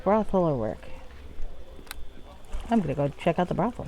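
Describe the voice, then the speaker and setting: A woman streaming a game and chatting casually, jokey and quick to laugh. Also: on the low side, lively intonation, warm tone, a little hiss or hum, low-quality recording. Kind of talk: casual gameplay commentary. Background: faint game music.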